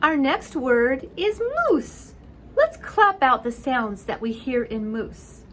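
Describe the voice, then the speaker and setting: Slow, clear-voiced woman teaching small children. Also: sits high, sing-song, slight background noise. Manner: sounds words out slowly and spells them letter by letter.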